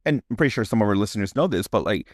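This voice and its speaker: A man's voice: lowish voice, lively intonation, racing, no echo, studio quality. A man co-hosting a horror podcast who talks casually with lots of "like" and laughter, and also narrates ghost stories. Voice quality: chatty, lots of "like", laughs often. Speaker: podcast co-host and story narrator. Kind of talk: casual chat and dramatic story narration.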